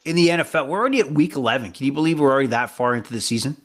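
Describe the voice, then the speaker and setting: A man's voice: medium pitch, racing. A man co-hosting a casual sports betting podcast. He rambles and stalls on names, with plenty of "uh"s along the way. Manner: rambling, fumbles for names, many fillers. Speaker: podcast co-host.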